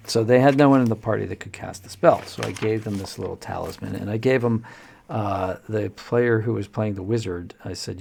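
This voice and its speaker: A man who runs tabletop games, explaining in a rambling, halting way with plenty of fillers. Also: lowish voice, creaky, darkish tone. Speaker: dungeon master. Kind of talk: casual explanatory talk.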